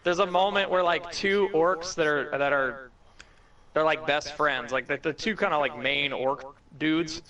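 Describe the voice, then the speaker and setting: A young man co-hosting a podcast, talking in excited, profane run-on bursts full of "like" and restarts. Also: a little high, unhurried, rough recording. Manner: animated, profane, talks in run-on bursts with lots of "like". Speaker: podcast co-host. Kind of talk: casual chat.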